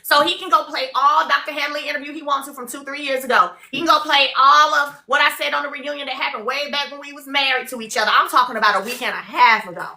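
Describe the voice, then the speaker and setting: A woman's voice: sits high, fairly even intonation, fast, hardly any pauses, bright, forceful tone. A woman in her thirties hosting a casual livestream, blunt and drawn out with long hums. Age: 30s. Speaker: livestream host.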